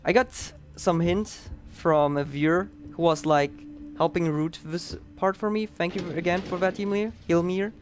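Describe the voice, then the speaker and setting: Upbeat Dutch-accented speedrun commentator. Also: male voice, high voice, steady tone, moderate pace, few pauses. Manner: chatty, upbeat, explaining as he plays.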